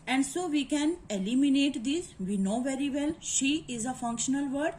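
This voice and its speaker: A woman's voice: sits high, animated, moderate pace, a little mellow, slight background noise, rough recording. A woman teacher with an Indian English accent, explaining grammar in a lecture and checking that students follow. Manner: explanatory, repeats points and asks "is it clear?". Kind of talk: classroom lecture.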